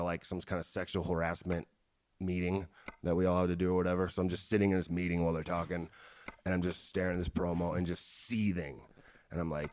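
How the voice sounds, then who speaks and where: A man telling a story as an interview guest, in a loose, casual way full of "you know" and swearing. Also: low-pitched.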